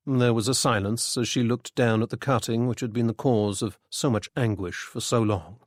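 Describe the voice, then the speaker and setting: A male audiobook narrator with a middling pitch, reading in a measured, even way. The recording is close and dry, with no room sound. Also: no echo. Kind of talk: scripted storybook narration.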